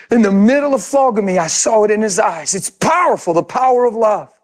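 An older man preaching a sermon, telling a story with emphatic, intense repetition. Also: high voice. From grew up in a city. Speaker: pastor.

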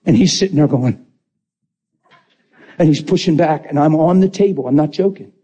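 A man preaching a lively testimony, acting out the voices in his story and laughing often. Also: fairly high pitch, moderate pace, slightly rough, dull audio. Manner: animated, acts out quotes, laughs often. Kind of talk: sermon storytelling.

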